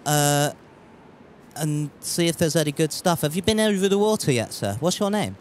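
A man's voice: a little high, moderate pace, slight background noise. A man casually commentating his gameplay, rambling and joking as he chats with viewers. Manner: rambling, jokey, chatty with viewers. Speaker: game streamer.

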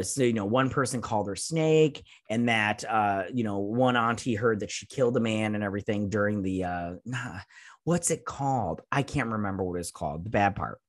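A man's voice: on the low side, fairly bright tone, no room sound, studio quality. A man casually recapping and reviewing a TV episode, rambling with lots of fillers and sarcastic asides. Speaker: show reviewer.

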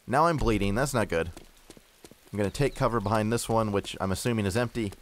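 Low-voiced man narrating his gameplay. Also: lively intonation, fairly quick, a bit bright, a little hiss or hum. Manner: joking, self-mocking play-by-play. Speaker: gameplay commentator. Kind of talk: casual game commentary.

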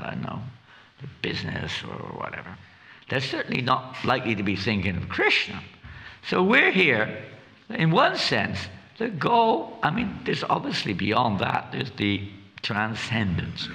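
A man's voice: medium pitch, gravelly, sharp tone. A man giving a scripture class at a temple, chatty and joking, who keeps asking his audience questions.

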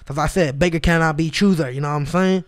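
A male podcast co-host telling a story in casual chat, profane and animated, shouting out the lines he quotes. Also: on the high side, quick pace, no echo.

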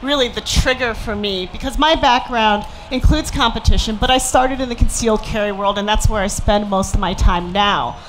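A woman's voice: medium pitch, moderate pace, hardly any pauses, slight background noise, low-quality recording. A woman speaking on a panel, earnest and emphatic. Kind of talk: panel discussion.

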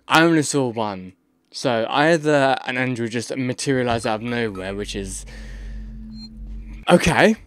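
A man talking through a horror game as he plays it, frantic and cursing under his breath. His pitch sits in the ordinary middle of a man's range. Soft music plays behind him. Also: lively intonation, measured pace, long pauses, smooth, no room sound. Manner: frantic, swearing, muttering to himself while playing. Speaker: gaming channel host. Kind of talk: let's play commentary.

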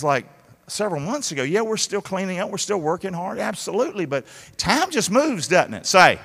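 A man delivers an animated sermon, calling on the congregation to answer him back. His voice sits high and bright and leaps up and down. Long reverb from a large church auditorium trails every phrase. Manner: animated, exhorting preaching with call-and-response. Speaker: pastor. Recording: live church hall reverb.

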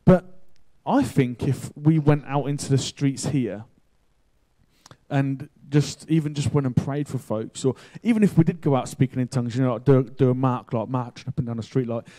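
A man giving a sermon as a story told to his congregation. His voice is mellow and dark-toned, at a middle pitch for a man. He talks in a loose, chatty way, with excitable bursts in the story. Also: normal speed. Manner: casual and chatty, excitable when telling the story. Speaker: pastor.

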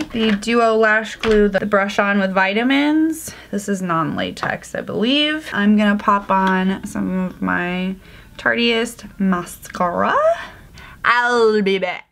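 Slow-talking woman doing a makeup chat. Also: on the high side, fairly bright tone. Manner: chatty, joking about her own mistakes. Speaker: beauty vlogger. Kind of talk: casual makeup tutorial chat.

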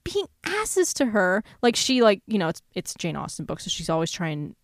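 A young woman co-hosting a casual book podcast, animated and exasperated, laughing often and talking with lots of fillers. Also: mid-range voice, normal speed, no room sound, clean studio sound. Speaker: podcast co-host. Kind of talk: casual book-club chat.

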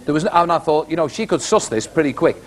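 A middle-aged man warming up a live television studio audience, telling jokes and stories in a chatty, animated way and throwing questions to the crowd. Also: fairly high pitch, fast talker. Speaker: studio warm-up comedian.

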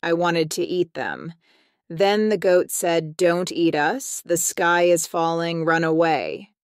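A woman voicing a boastful male lion in a children's storybook, with a gruff, threatening delivery. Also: lowish voice, slow, dry recording, clean studio sound. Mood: sheepish.

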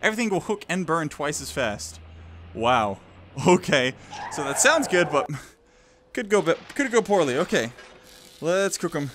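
A man giving frantic, excitable commentary while playing a video game, often mocking himself. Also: on the high side, measured pace, slight background noise. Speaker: gameplay video host. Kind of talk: casual gameplay commentary.

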